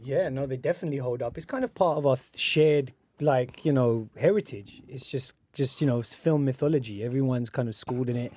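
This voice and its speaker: A man appears as a studio guest and speaks at a mid pitch. He talks in a relaxed, easygoing way and fills his sentences with plenty of verbal fillers. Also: fairly quick, hardly any pauses. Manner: relaxed, reminiscing with many fillers. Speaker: music guest. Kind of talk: casual studio interview. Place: radio studio.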